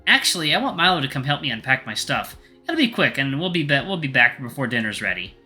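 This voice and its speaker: A man's voice: mid-range voice, very animated, fast talker, sharp tone, soft background music, pitched above the performer's own voice. A man voicing a tired, blunt young woman who is a med student, in a visual novel read-aloud. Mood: dry. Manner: blunt, sarcastic.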